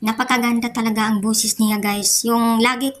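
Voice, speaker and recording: Chatty Filipina vlogger, Cebuano native. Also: female voice, a little high, level tone, a little fast, soft background music. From Dumaguete, Philippines. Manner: chatty, says "guys" in nearly every line, admiring. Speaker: vlogger reacting to a performance. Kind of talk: casual reaction vlog.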